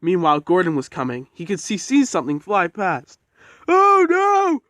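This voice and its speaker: A man's voice: a little high, lively intonation, fairly quick, a bit bright, no room sound, studio quality. A man casually narrating a homemade train story, rambling and swearing as he goes. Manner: rambling and profane.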